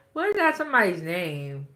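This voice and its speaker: A woman with a lowish, sharp-toned voice hosts her cooking channel, chatting casually to the camera. She's playful, laughs at herself, and sounds tired after eating.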